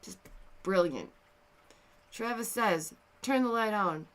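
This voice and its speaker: A woman talks straight to her viewers in a casual commentary. She sounds exasperated and animated. Her voice jumps to loud outbursts, then sinks into quiet, somber asides. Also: mid-range voice, takes it slowly. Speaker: commentary video host.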